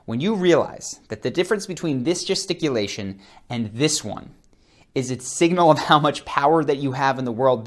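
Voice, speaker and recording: An energetic male coach teaching straight to camera, his voice in a middle range. He demonstrates as he talks and shifts his tone and rhythm to make each point. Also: medium pitch. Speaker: charisma and body-language coach. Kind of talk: on-camera instructional talk. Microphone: close camera framing, seated.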